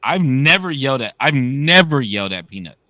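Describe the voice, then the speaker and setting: A man's voice: mid-range voice, brisk, no room sound. A man in his thirties, co-hosting a podcast and telling stories in casual, slangy, profane chat. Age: 30s. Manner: animated storyteller, slangy and profane. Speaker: podcast co-host.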